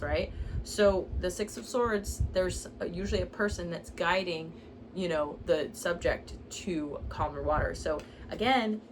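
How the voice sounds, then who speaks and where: A woman giving a casual tarot reading, chatty and loose, often saying "like" and "okay?", with the odd curse and laugh. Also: on the low side. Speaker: tarot reader. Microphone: phone. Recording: phone recording with clear background noise.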